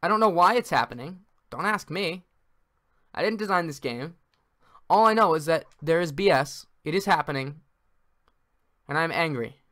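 Frantic, animated male gamer. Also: fairly high pitch, normal speed, long pauses. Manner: frantic, exasperated, rants and yells at the game. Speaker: gaming video creator. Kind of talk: let's-play commentary.

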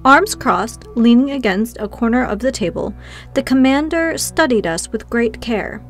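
A woman narrating a classic novel as an audiobook in a steady, measured reading. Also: a little high, soft background music. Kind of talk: first-person scripted narration.

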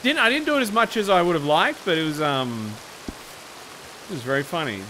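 A male streamer voicing his sheriff character and chatting with viewers, excitable and full of exclamations. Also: on the high side, a little fast, a little hiss or hum. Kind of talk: in-game role-play and stream commentary.

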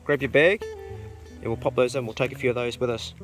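A man's voice: mid-range voice, fairly even intonation, fairly quick, soft background music. A middle-aged man hosting a casual vlog outdoors on his farm, talking bluntly and swearing easily. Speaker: farm owner and channel host. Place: outdoors on a rural farm property.

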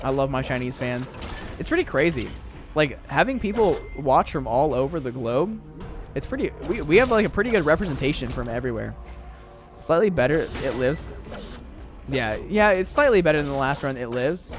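A man's voice: mid-range voice, very animated, normal speed, faint music behind. A young man streaming a game, chatting casually with viewers and rambling with lots of fillers. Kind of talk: casual live-stream chat.

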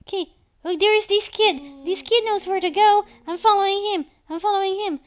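A woman in her thirties playing a video game with her child, giving animated, exclamation-filled commentary. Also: extremely high pitch, brisk, slight background noise. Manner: animated, frequently exclaiming and calling for help. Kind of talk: excited gameplay commentary.

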